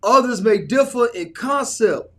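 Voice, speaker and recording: A man's voice: very high-pitched, animated, a little slow, sharp tone. A man hosting a podcast in casual, joking group chat. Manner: playful, laughing, jokey. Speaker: podcast host.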